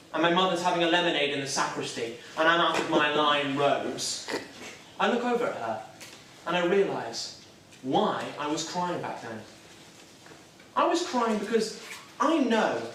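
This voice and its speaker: A man's voice: fairly high pitch, very animated, normal speed, long pauses, pushed and bright, a little hiss or hum. An actor playing a nervous, self-doubting young Catholic man, talking in a hesitant, wry, self-deprecating way in a stage drama. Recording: echoey room, mic far off.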